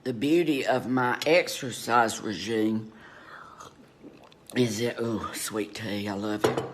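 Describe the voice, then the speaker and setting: Playing a middle-aged Southern drama queen under lockdown at home, a man delivers a slow, campy monologue full of gossipy drama and flamboyant exclamations. His pitch sits fairly low, with slight background noise behind him.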